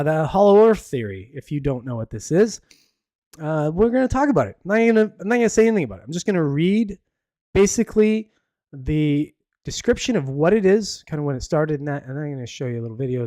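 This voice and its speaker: A man's voice: mid-range voice, a little mellow, no echo, studio quality. A man hosting a podcast alone, chatting casually about the news in a rambling way, full of fillers and restarts. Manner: opinionated and chatty. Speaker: podcast host. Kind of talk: casual solo news chat.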